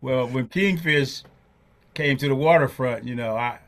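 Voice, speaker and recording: A man's voice: mid-range voice, a little slow. An older man hosting an interview, telling stories and acting out the voices of people he quotes. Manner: animated storyteller, acts out quoted voices. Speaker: podcast host, drummer. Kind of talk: storytelling interview chat.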